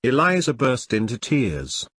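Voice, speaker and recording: A man reading a children's textbook story and word lists aloud, slow and deliberate. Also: medium pitch, huge pitch swings, a bit bright, breathy edge, no room sound. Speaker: textbook reader. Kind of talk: reading a school lesson aloud.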